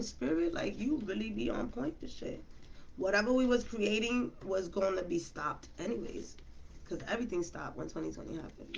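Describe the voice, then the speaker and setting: A woman's voice: on the low side, gravelly, slight background noise. A woman reading tarot cards in a casual, chatty way, talking straight to her viewers with lots of slang. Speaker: tarot reader.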